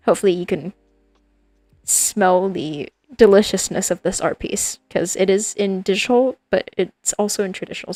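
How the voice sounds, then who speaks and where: A woman talks casually to her stream chat, rambling and joking in a playful tone. Her voice has a lot of vocal fry, and the sound is close and dry. Faint music plays behind her. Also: mid-range voice, a little mellow, dry recording. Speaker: digital artist streaming to chat. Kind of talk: casual livestream chat with viewers.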